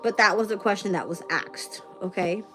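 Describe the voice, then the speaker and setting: A woman's voice: medium pitch, moderate pace, music in the background. A woman hosting a tarot channel in a casual live-stream chat, blunt and profane and laughing often. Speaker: tarot reader and channel host.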